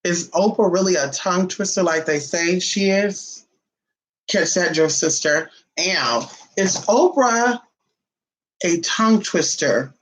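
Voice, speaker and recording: A woman's voice: sits low, low-quality recording. Sassy, profane woman vlogging. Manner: sassy, profane, drawn-out teasing delivery. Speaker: spiritual vlogger. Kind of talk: casual vlog monologue.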